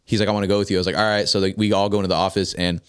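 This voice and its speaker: Rapid-fire young man telling a profane story. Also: low-pitched, little pitch movement, slight background noise. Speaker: podcast co-host. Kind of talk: casual chat, storytelling.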